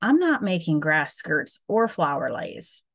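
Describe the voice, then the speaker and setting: A woman voicing George, a playful, eager schoolboy, in a lively read-aloud voice. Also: low voice, a little slow, gravelly, full character voice.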